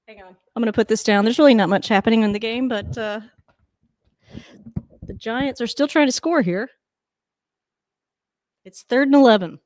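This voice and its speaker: A woman giving casual live reaction to a football game, with wry asides and a high coaxing voice for her dogs. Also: normal speed, long pauses, darkish tone, no room sound, clean studio sound. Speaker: host of a football reaction channel. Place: at home.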